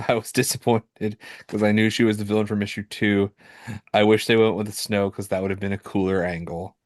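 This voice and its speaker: A man's voice: fairly low pitch, flat delivery, a little fast, no room sound. A man co-hosting a comic book podcast, talking casually with fillers and self-corrections. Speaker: podcast co-host. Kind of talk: casual chat.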